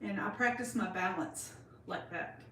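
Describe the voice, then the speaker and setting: A woman's voice: mid-range voice, a little slow, bright, forceful tone, roomy sound, distant mic, a little hiss or hum. An older woman chatting casually with viewers on a livestream from her kitchen, greeting them by name, a bit out of breath. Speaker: livestream host. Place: kitchen at home.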